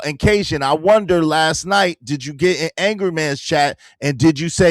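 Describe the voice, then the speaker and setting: A man hosting a casual livestream from his car, animated and repetitive, shouting out his viewers. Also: a little high, fairly quick, few pauses, no echo, studio quality. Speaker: livestream host.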